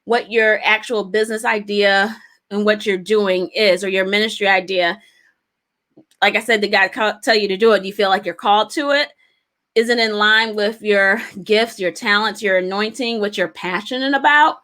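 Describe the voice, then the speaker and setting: A woman's voice: medium pitch, moderate pace, bright, forceful tone. A middle-aged woman teaching a live business lesson, speaking in an encouraging, conversational way with frequent light laughs and preacherly repetition and rhetorical questions. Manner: encouraging, conversational, laughs often between points. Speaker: business coach.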